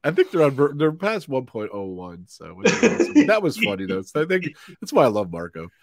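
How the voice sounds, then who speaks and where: A man's voice: mid-range voice, wildly swooping pitch, brisk, a crowd in the background. A man hosting a live stream from home, chatting casually and laughing often as he wraps up the show. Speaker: livestream host. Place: home in New York.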